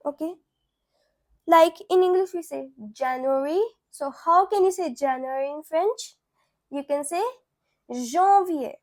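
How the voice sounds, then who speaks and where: A woman's voice: very high-pitched, a little mellow. A young woman teaching a beginner French lesson, patient and repeating each word several times.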